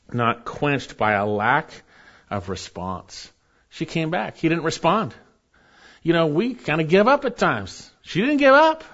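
A man's voice: medium pitch, highs cut off. A man preaching a sermon as pastor, earnest and emphatic, building in intensity as he explains a passage.

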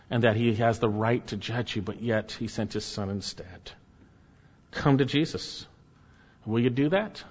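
A man preaching an expository sermon, earnest and emphatic, pressing his points with rising and falling intensity. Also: medium pitch. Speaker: pastor. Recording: muffled, with long hall reverb.

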